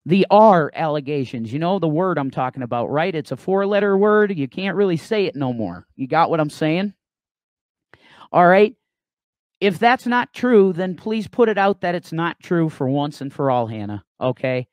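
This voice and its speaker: A man's voice: on the high side, animated, normal speed, dry recording. Emphatic man on a live stream. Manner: emphatic, repeats "okay?" and "there you go". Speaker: co-host of a live call-in stream. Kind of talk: heated live stream talk.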